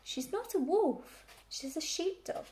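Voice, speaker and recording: A polite, earnest young pig from a storybook, voiced by a woman reading aloud. He speaks formally and eagerly, in a raised, slightly gravelly voice. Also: high voice, big pitch swings, normal speed, voice pushed up, heavily acted.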